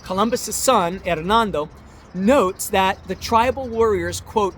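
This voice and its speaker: A man's voice: high voice, expressive, measured pace, fairly bright tone, a little hiss or hum. A man narrating a history chapter in an earnest, emphatic way, citing his sources as he goes.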